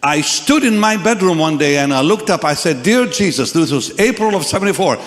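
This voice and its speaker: Dramatic older preacher in an echoey hall. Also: male voice, on the high side, animated, a little fast. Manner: dramatic, swings from hushed to shouting. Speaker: pastor. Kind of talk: dramatic sermon testimony. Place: large church or crusade hall with congregation.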